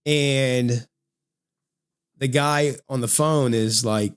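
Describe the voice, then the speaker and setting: A man casually recapping a film on his stream, speaking at a middling pitch. He tells the story animatedly and keeps checking in with "right?". He acts out the quoted lines in shifting voices. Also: fairly even intonation, extremely slow, clear, resonant tone.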